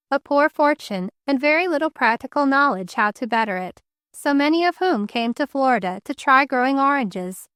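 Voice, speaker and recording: Woman audiobook narrator, high smooth voice, measured reading, dry close studio sound. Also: dry recording. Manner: measured, even storytelling. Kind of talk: scripted narration.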